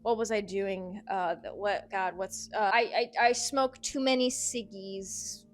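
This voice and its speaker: A woman's voice: medium pitch, fairly even intonation, a little slow, faint music behind. A woman hosting a video, ending it with a rambling, playful and absurd outro full of stammering asides. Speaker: YouTube host.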